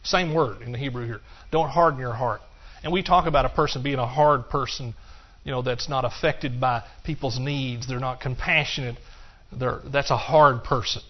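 Speaking at normal speed in a medium-pitched voice with hardly any pauses, a pastor builds his church sermon up with emphatic shouts of hallelujah. The recording sounds muffled and lo-fi.

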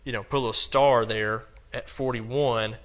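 A man's voice: medium pitch, fairly even intonation, normal speed, dull audio. A man teaching a Bible lesson in a loose, conversational way, acting out the quotes and dropping in plenty of fillers. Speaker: preacher.

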